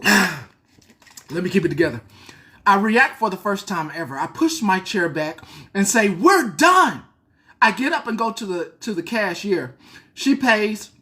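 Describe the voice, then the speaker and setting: A woman's voice: mid-range voice, big pitch swings, a little slow, fairly bright tone. A woman hosting a show, reading a story aloud and breaking off for blunt, profane asides. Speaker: host.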